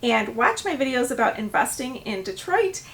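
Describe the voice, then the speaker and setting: A woman's voice: on the high side, moderate pace, distant mic. A middle-aged woman, a property manager, telling a story in a vlog and acting out the people she quotes. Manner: animated storytelling, acts out quoted voices.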